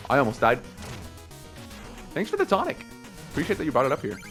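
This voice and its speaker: A young let's play host excitedly narrates his playthrough at a quick pace in a medium-pitched voice that leaps all over. He's jokey, rambling, laughing, and swearing, with faint game music in the background.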